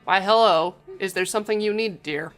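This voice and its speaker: A woman's voice: mid-range voice, moderate pace, fairly bright tone, faint music behind, natural voice. A woman voicing a friendly, motherly middle-aged woman novelist who calls people dear.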